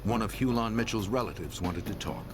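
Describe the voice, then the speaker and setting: A man reading scripted narration for a documentary in an even, serious storytelling manner. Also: on the low side, fairly quick. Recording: narration over loud music.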